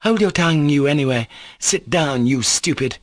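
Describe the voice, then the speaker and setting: A man voicing Grushenka, a proud, quick-tempered young woman who scolds and orders people about in a storybook reading. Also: medium pitch, dry recording, clean studio sound, voice pushed up, close to an everyday voice. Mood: angry. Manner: scolding, imperious.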